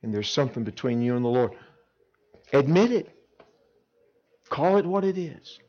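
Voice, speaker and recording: A middle-aged man preaching a sermon to teenagers at a camp chapel, swinging between loud emphatic lines and hushed earnest ones. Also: mid-range voice, sing-song, moderate pace, lo-fi sound.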